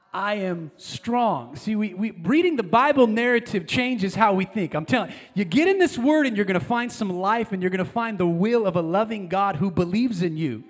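A man in his thirties preaching a fervent sermon as pastor, swinging from hushed lines to loud emphasis. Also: high-pitched, lively intonation, fairly quick, hardly any pauses. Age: 30s. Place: large church hall. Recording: long hall reverb.

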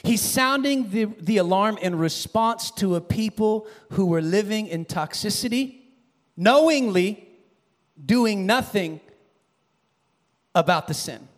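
A man preaching a sermon, animated, building to shouted emphasis and dropping low again. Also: slow pace, long pauses, big-room sound.

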